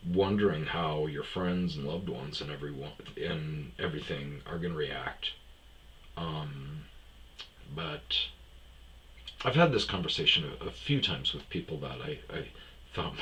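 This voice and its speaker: Low-voiced male podcast host, loose and rambling storyteller. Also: pushed and bright. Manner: rambling, many fillers and restarts. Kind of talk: casual storytelling monologue.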